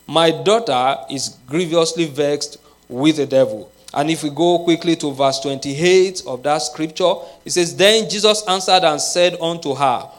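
A man preaching a sermon, leading the congregation in prayer and building to impassioned, repeated calls. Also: a little high. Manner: rising to impassioned shouted prayer, repetitive cadence. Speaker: pastor.

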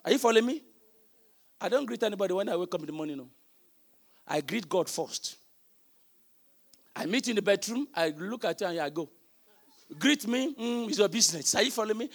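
A man preaching a sermon. He keeps asking the congregation questions and often breaks into shouted emphasis. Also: high voice, animated, fairly quick, creaky, pauses often.

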